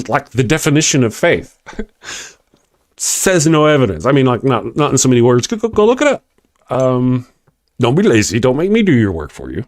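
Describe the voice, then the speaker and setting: Man, Texas accent, livestream host, lively swooping pitch, dry close sound, chatty, laughs a lot. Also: no echo. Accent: Texan. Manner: chatty, laughs often, joking asides. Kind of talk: casual livestream chat reading comments.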